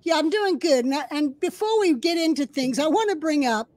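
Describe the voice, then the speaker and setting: A woman co-hosting an interview show, telling stories in a chatty, animated way. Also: high voice, normal speed, no echo. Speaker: podcast co-host. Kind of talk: casual storytelling chat.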